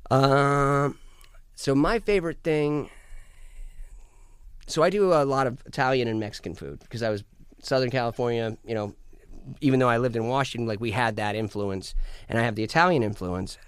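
An American man in casual chat, talking in an animated, profane, ranting way with put-on quotes. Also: medium pitch, moderate pace, clean tone, no echo, studio quality. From United States. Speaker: guest musician.

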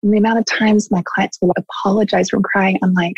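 Earnest woman therapist, raspy and breathy, dry muffled lo-fi sound. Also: mid-range voice, little pitch movement, brisk, no room sound. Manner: earnest, emphatic, repeats heartfelt words. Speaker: therapist guest. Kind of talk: casual conversation.

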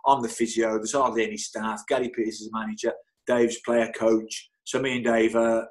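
A middle-aged man, a football physio, telling anecdotes in an interview with lively energy, often stammering and repeating words. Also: lowish voice, a little fast, poor audio. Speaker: football club physio, guest.

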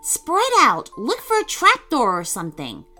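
A woman voicing a clever, eager young girl explorer who sounds bright and excited. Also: fairly high pitch, a little slow, soft background music, pitched above the performer's own voice, heavily acted.

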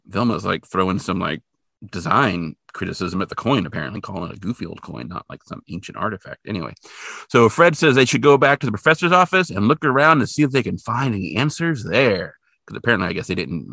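A man casually recapping a cartoon episode for a podcast, joking and acting out the characters in squeaky voices. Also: vocal fry, no room sound, clean studio sound. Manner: animated, jokey, acts out characters in high squeaky voices. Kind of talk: casual chat.

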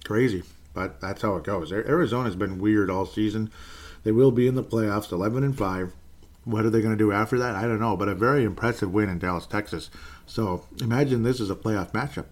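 A man's voice: on the low side, fairly quick. A man giving a casual solo recap of football games, wry and self-correcting. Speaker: sports commentator. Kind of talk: solo NFL recap commentary.

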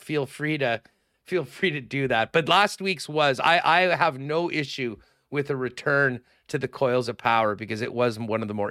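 Speaking in a mid-range, slightly bright voice, a Canadian-accented man hosts a laid-back sports talk program as its radio host. He meanders through promo reads for sponsors and giveaways in a talkative way, captured in a dry studio-quality recording.

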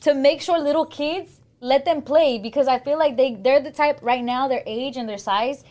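A woman's voice: high-pitched, normal speed, darkish tone. A woman co-hosting a podcast, talking candidly in casual chat with swearing and restarts. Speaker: podcast co-host.

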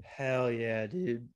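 A man's voice: medium pitch, warm tone, slight background noise. A man hosting a casual podcast over a video call, teasing and crude with his guests. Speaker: podcast host.

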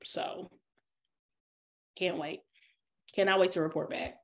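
Woman cohost, laughs a lot, chatty and animated. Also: lowish voice, slow pace, creaky. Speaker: podcast co-host. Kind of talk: casual chat.

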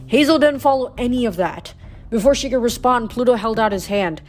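A woman's voice: a little high, fairly quick, soft background music. A woman reading a novel aloud, telling the story steadily with small slips and corrections. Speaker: audiobook reader.

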